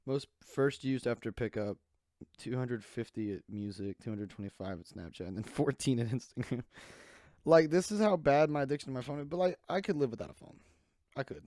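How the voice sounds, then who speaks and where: A man's voice: medium pitch, a little fast, dark tone, no echo, clean studio sound. A young man hosting a podcast alone, rambling casually with lots of "like" fillers. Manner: rambling, loose, full of "like" fillers. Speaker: podcast host. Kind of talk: casual solo podcast chat.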